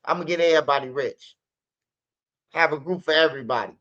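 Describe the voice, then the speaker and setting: Speaking fast and loosely, a male commentary host spins a casual story on stream, voicing fight noises and quotes with animation. His bright, forceful voice runs a bit high for a man, captured in dull, lo-fi audio.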